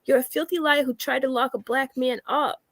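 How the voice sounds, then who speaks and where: A woman's voice: sits high, steady tone, a little fast, creaky, fairly bright tone, dry recording, clean studio sound. A woman co-hosting a livestream, calling someone out in an exasperated, profane rant. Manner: exasperated, profane, calls people out. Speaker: livestream co-host.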